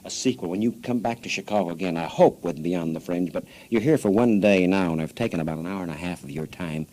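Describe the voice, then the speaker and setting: Man, American radio host, very low voice, long rambling questions, old 1960s tape. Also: fast talker, dark tone, low-quality recording. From United States. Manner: interjecting, long winding questions. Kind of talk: radio interview conversation. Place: nightclub.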